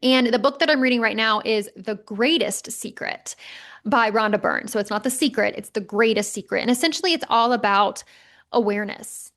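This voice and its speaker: Woman podcast host in her thirties, slightly high voice, casual and emphatic with some swearing. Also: normal speed, a bit bright. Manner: emphatic, conversational, mild swearing. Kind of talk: casual motivational podcast monologue.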